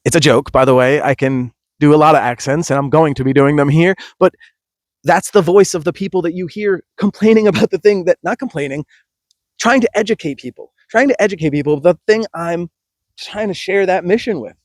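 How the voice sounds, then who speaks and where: A man's voice: a little high, fairly quick, dry recording. Man, yoga teacher, podcast monologue, emphatic, restarts a lot, dry close recording. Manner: passionate, emphatic, with frequent restarts.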